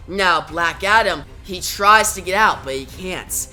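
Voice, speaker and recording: A woman reviewer recounts a comic book's action step by step. Her voice sits a little low and has a bright, forceful tone. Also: measured pace, faint music behind. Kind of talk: reading and narrating a comic aloud.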